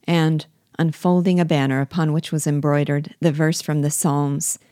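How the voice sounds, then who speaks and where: Low-voiced woman reading a novel. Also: level tone, normal speed, warm tone, dry recording, studio quality. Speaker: audiobook reader. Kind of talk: reading a classic novel aloud.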